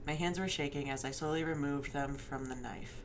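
A woman's voice: low voice, fairly even intonation, brisk, slight background noise. A woman reading a fan story aloud, with joking asides between passages. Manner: reads aloud steadily, slipping into laughter and swearing at the text.

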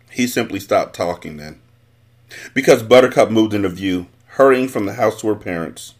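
A man hosting a book podcast, reading a novel aloud with expressive, animated storytelling. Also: lowish voice, moderate pace.

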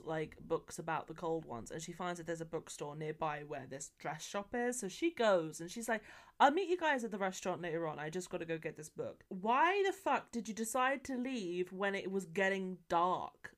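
Animated woman retelling a movie scene. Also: lowish voice. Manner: animated storytelling, swears, laughs often. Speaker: podcast co-host. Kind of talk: casual chat.

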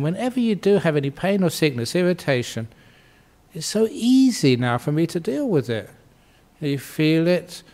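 A Buddhist monk, a man, speaks with a slightly higher voice than most men. He gives a dharma talk in a gentle, good-humored way. He often chuckles and softly repeats calming phrases.

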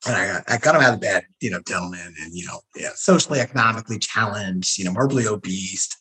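A man's voice: on the low side, quick pace, poor audio. A middle-aged man speaks as an interview guest, telling his stories casually. His voice rises and falls a lot as he acts out what other people said. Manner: animated, acts out quoted people. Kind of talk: casual storytelling.

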